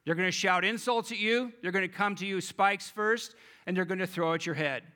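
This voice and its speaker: A pastor quoting a stern old baseball boss. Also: male voice, high-pitched, fairly quick, bright, forceful tone. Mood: challenging. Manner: emphatic, testing questions. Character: stern older male baseball manager.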